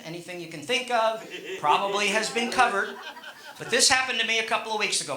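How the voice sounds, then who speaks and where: A man's voice: high voice, bright, forceful tone, roomy sound. A middle-aged man doing stand-up, telling a rambling story with chuckles and many fillers. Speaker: stand-up comedian.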